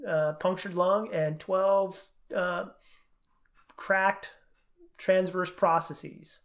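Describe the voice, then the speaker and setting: Fast-talking man, cycling coach guest. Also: high-pitched. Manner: talks fast, animated storytelling. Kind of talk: casual interview chat.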